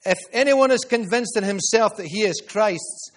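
High-voiced Scottish pastor preaching. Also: male voice, moderate pace. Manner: preaching with emphatic repetition, drops to quiet asides. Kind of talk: sermon.

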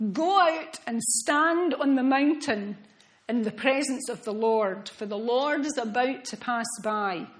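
A woman preaching a sermon in an earnest, reflective way, often dropping to soft, hushed tones. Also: a little high, poor audio.

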